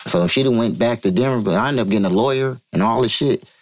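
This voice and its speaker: A man from Vallejo, California, telling a story as an interview guest, profane and animated, acting out quotes in a higher voice. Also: fast talker. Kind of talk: casual storytelling.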